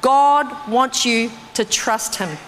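A woman preaching in a church hall, her fairly high voice carrying a long reverb. She tells her testimony in a lively, storytelling way, leaping up in pitch as she acts out her own reactions. A faint hum of room noise sits underneath. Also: takes it slowly. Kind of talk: sermon with personal testimony.

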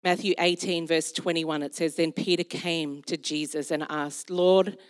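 A middle-aged woman preaching a sermon as pastor, animated, telling stories with acted-out asides. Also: low voice, unhurried.

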